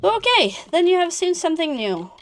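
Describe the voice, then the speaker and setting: A woman's voice: medium pitch, expressive, takes it slowly. A woman streaming a game, chatting casually and thinking aloud with an amused tone. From Norway. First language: Norwegian.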